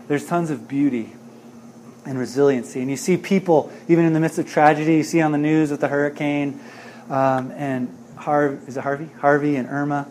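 A man's voice: on the high side, fairly even intonation, brisk, a little mellow, slight background noise. A middle-aged man preaching a sermon as a pastor, talking in an earnest, conversational way and often asking "right?".

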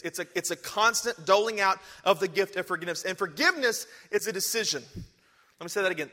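A man's voice: high-pitched, a little fast, bright, forceful tone, in a large hall. A man preaching a sermon to a large church congregation, moving from conversational talk into emphatic exhortation. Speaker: pastor.

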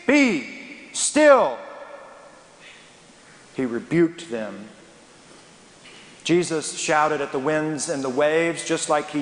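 A man's voice: mid-range voice, a bit bright. A man preaching a sermon as a pastor, emphatic and dramatic, asking rhetorical questions. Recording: echoey hall with long reverb.

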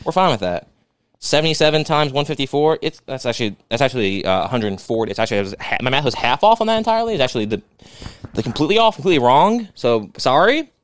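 Young guy ranting fast on a podcast, mock-angry, smooth clear voice, dry close sound. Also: medium pitch, sing-song, no echo. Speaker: podcast co-host. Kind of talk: profane comedic podcast banter.

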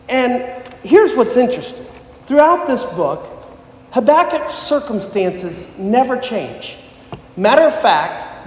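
A man preaching a sermon, earnest, rising for emphasis as he reads and explains scripture. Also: darkish tone. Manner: earnest, rises in pitch and volume for emphasis. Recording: echoey hall.

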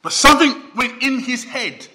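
A man's voice: extremely high pitch, expressive, moderate pace, pushed and bright. A man preaching a sermon as pastor, with an emphatic, repetitive preaching cadence, recorded in a church hall. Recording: long reverb of a large hall.

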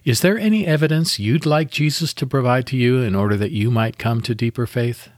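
A man hosting a devotional podcast, leading a guided meditation and prayer in a calm, measured, deliberate way. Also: mid-range voice, no room sound, studio quality.

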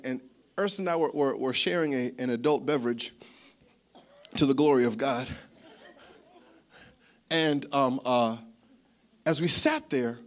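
A man preaching a sermon, telling a story in an animated, chatty way that often repeats words. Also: medium pitch. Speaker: pastor.

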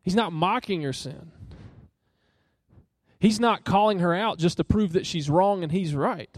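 A man's voice: high voice, unhurried, no room sound, studio quality. A young man preaching a sermon in an earnest, conversational way, asking listeners direct questions.

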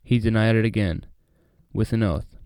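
A man with a lowish, mellow voice reads a Bible passage and then chats about it casually, full of "uh" and "like". His voice is smooth and clear, recorded close and dry. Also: normal speed, dry recording. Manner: relaxed, chatty, many fillers. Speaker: Bible study host. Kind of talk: casual Bible reading and commentary.

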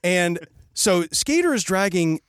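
A man's voice: sits high, very animated, measured pace. A man hosting a comedy podcast, telling a story in a conversational way and often checking in with his listeners. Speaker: podcast host.

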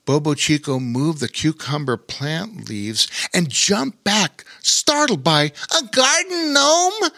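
A man narrating a children's story with lively, expressive delivery. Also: medium pitch, unhurried, no echo, clean studio sound.

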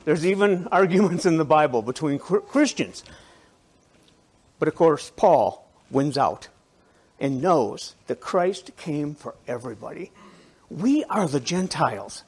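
A man preaching to a biker church congregation, conversational and animated, with restarts and asides. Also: a little high, measured pace, husky. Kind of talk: sermon.

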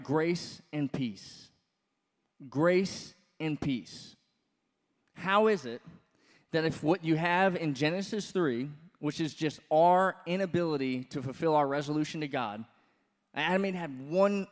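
A man in his thirties preaching a sermon as pastor, conversational and animated, with many fillers and restarts. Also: fairly high pitch. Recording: long hall reverb.

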